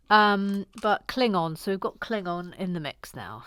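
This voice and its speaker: A woman from Deeside hosting a Lego building channel, chatting gently and self-deprecatingly as she reads viewer comments, sometimes dropping to a whisper. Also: medium pitch, lively intonation, measured pace, few pauses, no echo. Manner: soft-spoken, gentle, self-deprecating, drops to a whisper at times. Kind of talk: casual chat while building and reading comments.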